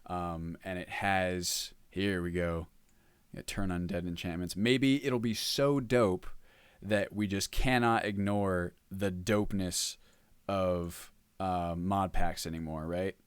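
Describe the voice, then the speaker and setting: A man's voice: low-pitched, fairly even intonation, takes it slowly, clear, resonant tone, no echo. A man streaming casually while working, rambling, reading chat aloud and humming to himself. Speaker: modlist developer streamer.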